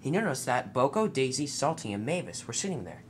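A narrator telling a homemade toy-train story with lively delivery. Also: mid-range voice, a little fast, a little hiss or hum. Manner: animated storytelling.

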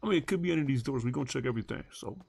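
A young man streaming a heist roleplay, rambling and swearing as he thinks the plan out loud. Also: mid-range voice, expressive, rapid-fire, vocal fry, a little hiss or hum. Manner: rambling, profane, thinks aloud while planning. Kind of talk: casual gaming chat.

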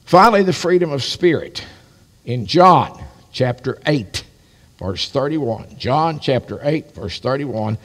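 Speaking slowly and expressively, an older male pastor delivers a sermon as a folksy story full of friendly asides, his medium-pitched voice a touch bright. The service comes from a church sanctuary and is live-streamed with long reverb.

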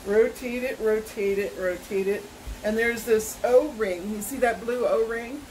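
A woman's voice: on the high side, unhurried, a little mellow, a little hiss or hum, poor audio. A woman, vlogging a casual product unboxing at home, chatty and rambling with self-corrections. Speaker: YouTube vlogger.

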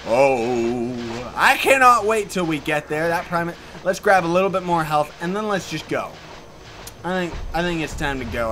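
A man doing let's play commentary, loud and excitable, often yelling at enemies. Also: fairly high pitch, slight background noise.

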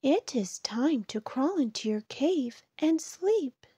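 Ladybug, a woman doing a squeaky excited little bug. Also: slow pace, no room sound, clean studio sound. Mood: eager. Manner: high, eager calling. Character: excited tiny female ladybug messenger.

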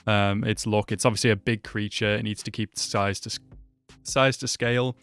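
A man's voice: on the low side, steady tone, moderate pace, fairly bright tone, clean tone, soft background music. A man hosting an anime reaction video, talking casually and slangily, often calling the viewer "bro". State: hiccuping. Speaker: anime reaction channel host.

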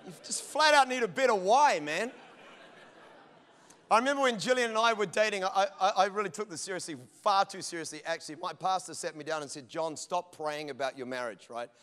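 A man's voice: high voice, brisk, pushed and bright. Male pastor, middle-aged, humorous sermon storyteller, echoing church auditorium. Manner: humorous storytelling, acts out dialogue. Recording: long church hall reverb.

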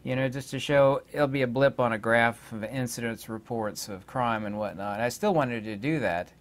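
An indignant man talks straight to his viewers in a loose, rambling monologue. His voice sits at an ordinary middle pitch, and he keeps stalling on fillers before pressing on with his complaint. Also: moderate pace. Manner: indignant, hesitant, many filler words. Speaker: channel host.

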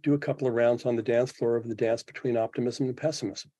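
Older guy in his 70s, mellow husky voice, thoughtful and halting, dry sound. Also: medium pitch, steady tone, no echo. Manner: reflective, thinking aloud with restarts. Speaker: podcast guest. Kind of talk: interview conversation.

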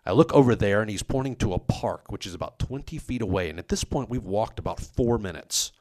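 A man telling a comic personal story on a podcast, animated and self-mocking, with his voice leaping up on quoted lines. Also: fairly low pitch, fairly quick. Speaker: comedic storyteller.

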